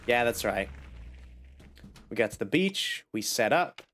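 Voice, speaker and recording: Chatty, animated male game streamer. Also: medium pitch, unhurried. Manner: chatty, playful self-talk. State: slight cough. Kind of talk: casual live gameplay chat.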